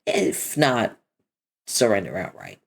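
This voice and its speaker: Woman reading a comic aloud: deep, husky, lively delivery, switches voices between characters. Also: takes it slowly. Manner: adds casual commentary between dialogue. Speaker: reader of a webcomic.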